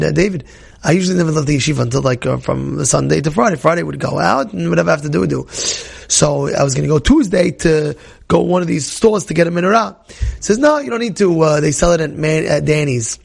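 A young man tells a religious story to a class in a gravelly, rough-edged voice. He gets excitable, stumbles over repeated words and acts out the people he quotes. His voice sits a touch higher than most men's. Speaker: Torah teacher.

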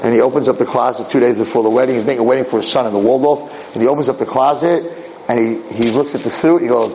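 A man giving a casual, animated Torah talk, telling a parable with quick asides. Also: medium pitch, slight background noise, rough recording. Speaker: rabbi lecturer.

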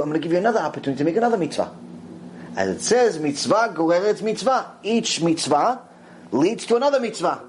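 A man giving a lively religious lecture as a Torah teacher, repeating phrases for emphasis and acting out quotes. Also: high-pitched, a little hiss or hum, poor audio.

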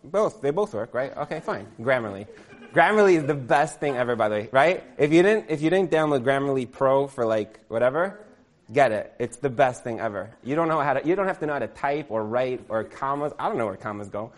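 A man's voice: medium pitch, animated, a little fast. Rambling man telling a comic story. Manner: rambling, many "like" fillers, laughs at himself.

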